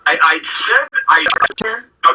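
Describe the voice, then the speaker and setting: A man's voice: sits high, animated, normal speed, bright, forceful tone, recorded from a distance, slight background noise, low-quality recording. A middle-aged man hosting a casual talk show, rambling through stories and acting out what people said. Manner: rambling storyteller who acts out quotes. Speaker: show host.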